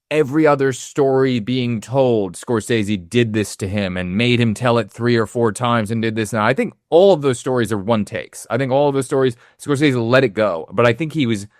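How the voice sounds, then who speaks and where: A man co-hosting a movie podcast, sprawling and profane, slipping into quoted voices as he makes his point. His voice sits in the middle range. The sound is dry, with no room echo. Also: mid-range voice. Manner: profane, animated storytelling with acted-out quotes. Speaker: podcast co-host. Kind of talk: casual film discussion.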